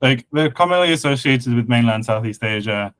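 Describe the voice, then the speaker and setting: A man chatting casually on a podcast, explaining a constructed language, with many fillers and a patient, halting delivery. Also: mid-range voice, animated, a bit bright, dry recording, poor audio. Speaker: conlang creator guest and co-host. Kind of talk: casual podcast chat about linguistics.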